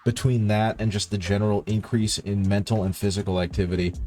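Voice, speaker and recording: A miniature-painting livestream host from a rural upbringing talks briskly in a low, dark voice with a flat delivery. Faint music plays behind as he chats casually with viewers, sounding tired, rambling and correcting himself.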